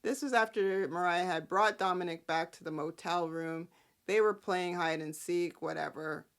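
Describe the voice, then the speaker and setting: A woman hosting a casual soap-opera recap, sassy and animated, often breaking into character quotes. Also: lowish voice, moderate pace. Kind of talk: casual chat.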